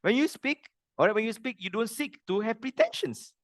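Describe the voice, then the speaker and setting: A middle-aged man teaching a religious lesson, earnest and plain-spoken, with animated delivery. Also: very high voice, a little fast, no room sound, studio quality.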